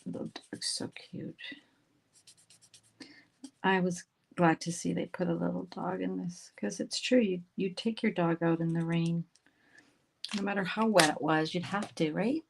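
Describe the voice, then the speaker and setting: A woman, hosting a casual crafting tutorial livestream, chatting as she works and slipping into soft murmured asides. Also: fairly low pitch, steady tone, measured pace, gravelly, long pauses, low-quality recording. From Canada. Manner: chatty, talks while working, drifts into soft murmured asides. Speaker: craft instructor and livestream host.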